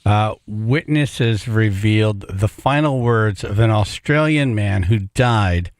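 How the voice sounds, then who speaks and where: A man's voice: fairly low pitch, takes it slowly, clean tone, no echo, studio quality. A man hosting a morning radio show, chatting and reading news items aloud with plenty of laughs. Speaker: radio host. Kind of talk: casual morning radio banter. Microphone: studio microphone.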